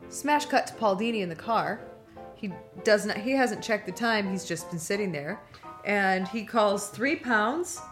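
A middle-aged woman tells a story with a wide, lively swing in pitch and a bright, crisp edge to her voice. She laughs often and does the voices of the people she describes. Faint music plays under her talk. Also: unhurried. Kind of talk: animated anecdote.

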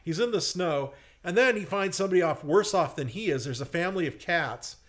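A man chatting casually, an animated storyteller who recounts old cartoon plots with feeling. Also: fairly quick. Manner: animated storyteller, acts out squeaky cartoon voices in quotes. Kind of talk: casual chat.

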